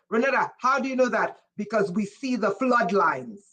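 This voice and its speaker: A woman giving a live-streamed spiritual lecture, speaking emphatically, repeating key lines slowly for effect, and asking her viewers questions as she goes. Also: medium pitch, animated, fairly bright tone, poor audio. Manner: asks listeners questions. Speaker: spiritual teacher.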